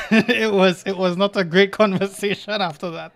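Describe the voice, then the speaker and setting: A man's voice: sits high, moderate pace, vocal fry. A man co-hosting a podcast, telling stories in casual chat and laughing often. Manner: storytelling, animated, laughs often. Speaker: podcast co-host.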